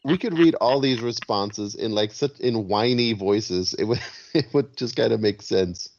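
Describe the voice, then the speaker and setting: A man's voice: fairly low pitch, a little slow, a little mellow. Laid-back man on a dull lo-fi mic. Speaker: podcast co-host. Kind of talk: casual chat.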